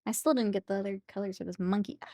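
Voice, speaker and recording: A woman's voice: mid-range voice, fairly even intonation, rapid-fire, mellow, no echo. A woman streaming while she paints miniatures, chatting playfully with viewers and laughing often. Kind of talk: casual chat with live chat while painting.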